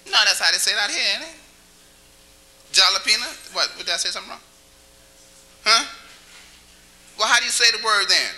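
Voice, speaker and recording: In a small cafe, a comic with a high-pitched, expressive voice works the crowd, talking fast but leaving long pauses, his tone bright and forceful. He's chatty, needles the audience with questions, and now and then croons a song. The recording is rough.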